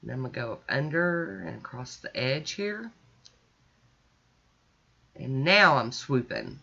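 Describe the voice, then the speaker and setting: A woman's voice: very deep voice, big pitch swings, measured pace, creaky, bright, forceful tone, lo-fi sound. A woman chatting casually as she narrates each step of her nail art, self-deprecating and easygoing. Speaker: nail art video creator.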